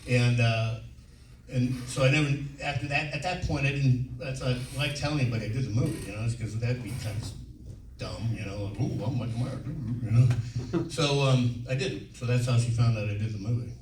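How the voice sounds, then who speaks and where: A man's voice: medium pitch, moderate pace, a little mellow. A man in his sixties telling rambling, profane anecdotes with frequent laughs as a guest on a convention panel. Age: 60s. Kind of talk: casual storytelling on stage. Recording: echoey hall, distant mic, faint hiss.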